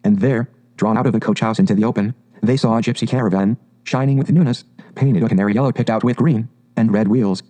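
A man reading a classic animal storybook aloud in a measured, expressive way. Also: lowish voice, low-quality recording. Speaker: audiobook narrator.

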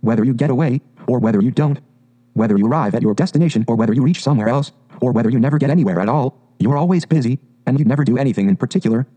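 A man's voice: medium pitch, very fast, dark tone, close to an everyday voice. A man voicing a cheerful, boat-loving male water rat who talks in a hearty, rambling way in a storybook reading.

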